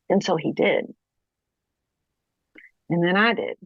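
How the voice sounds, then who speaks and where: Woman guest, mid-pitched, halting testimony with constant restarts and check-ins, dry slightly dull recording. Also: creaky, dry recording. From Kentucky, USA. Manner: halting, frequent restarts, keeps checking with "okay?". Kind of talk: personal testimony in interview.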